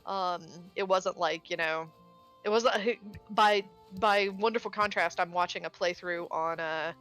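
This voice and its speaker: A woman chatting casually on a live gaming stream, expressive and full of filler words and mild swearing. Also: lowish voice, unhurried, smooth, faint music behind. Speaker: streamer co-host. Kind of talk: casual chat while gaming.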